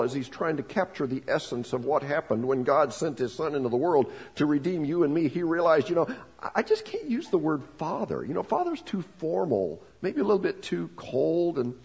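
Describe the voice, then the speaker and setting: A male pastor delivering a sermon in a conversational, emphatic way. His voice is a touch high for a man and slightly husky. He drops to soft, near-whispered lines, then lifts into loud, excited ones.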